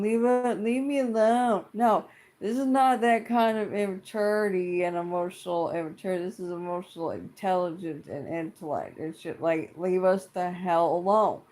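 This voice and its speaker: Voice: medium pitch, moderate pace, a little mellow. A middle-aged vlogger delivering a casual, profane rant to camera, blunt and exasperated, swearing constantly and circling back on the same points. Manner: blunt and exasperated, heavy swearing, repeats itself.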